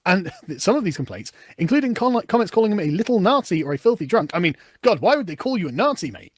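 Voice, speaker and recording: A man commenting on news clips in a sarcastic, swearing, animated rant. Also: sits high, dry recording. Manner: fast, animated, sarcastic, swears and laughs often. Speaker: political commentator.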